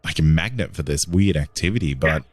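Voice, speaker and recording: A man's voice: a bass voice, brisk, dry recording. A man hosting a podcast, chatting casually and joking with his guest. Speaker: podcast host. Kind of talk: casual interview chat.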